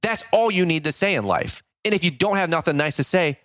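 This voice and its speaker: A man's voice: on the high side, expressive, fairly quick, fairly bright tone, no echo. A podcast host, a man, delivering an impassioned, scolding monologue to his listeners. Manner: preachy, scolding.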